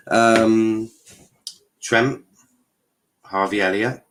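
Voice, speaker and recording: A man's voice: low voice, animated, unhurried, fairly bright tone, a little hiss or hum. A man hosting a live football watchalong, commentating casually with jokes, swearing and lots of fillers. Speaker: host.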